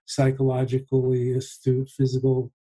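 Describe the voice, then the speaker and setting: A man hosting a podcast, speaking in a thoughtful, unhurried conversational way with pauses and restarts. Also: medium pitch, completely flat delivery, warm tone. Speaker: podcast host and meditation teacher. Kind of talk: reflective conversational talk.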